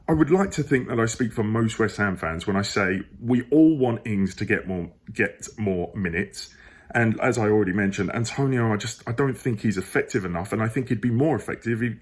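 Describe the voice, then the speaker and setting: A man's voice: lowish voice, husky. A man reviewing a football match on his phone at home, rambling and exasperated, with emphatic outbursts. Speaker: football fan channel host. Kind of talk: casual match review to camera.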